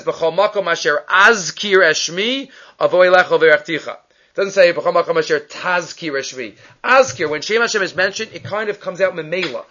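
A man with a fairly high voice gives a Talmud class, reading Hebrew and Aramaic passages aloud and explaining each one in English. He keeps asking questions and then answering them himself. The recording sounds muffled and low-fidelity. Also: fairly bright tone. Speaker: Torah teacher.

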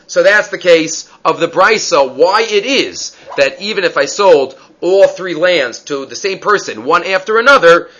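A man teaches a Talmud study lecture in a somewhat high, bright voice. He explains methodically, posing questions and answering them himself. The recording sounds dull and lo-fi. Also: expressive, unhurried, few pauses.

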